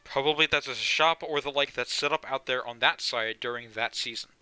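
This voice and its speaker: A man's voice: mid-range voice, brisk, sharp tone, clean tone, dry recording, low-quality recording. An American man streaming a video game live, talking in a casual, profane and sarcastic way and reading the game text aloud. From United States.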